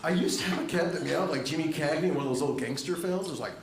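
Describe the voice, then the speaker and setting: A middle-aged male stand-up comedian on stage at a comedy club, delivering jokes with a dry, wry deadpan through a handheld mic. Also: fast talker, very noisy. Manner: dry, wry deadpan with lively jumps in pitch. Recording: echoey club room with audience laughter.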